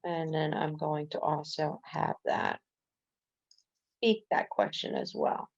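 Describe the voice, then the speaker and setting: A woman's voice: low-pitched, big pitch swings, takes it slowly, creaky. A woman coding instructor walking through a screen-recorded coding tutorial step by step, with casual fillers. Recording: dull lo-fi recording.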